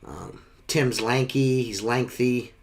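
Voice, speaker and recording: Rambling, profane podcast host. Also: male voice, medium pitch, slow, a little mellow. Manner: profane, rambling, repeats himself. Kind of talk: casual podcast banter.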